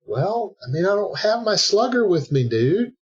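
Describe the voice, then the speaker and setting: Husky male player on lo-fi audio. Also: high-pitched, big pitch swings, normal speed. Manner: eager, casual. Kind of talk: tabletop game play. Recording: dull lo-fi sound.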